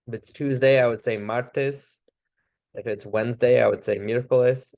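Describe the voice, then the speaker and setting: Man, casual trainer, mid pitch, chatty, restarts, laughs now and then. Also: moderate pace, creaky. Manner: relaxed, chatty, loose restarts, short laughs. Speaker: chiropractic trainer.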